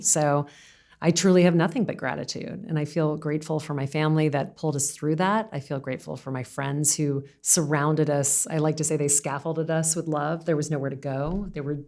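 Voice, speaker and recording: A woman speaks in a low register as a podcast guest. She reflects earnestly in casual conversation and often breaks into laughter. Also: vocal fry, darkish tone.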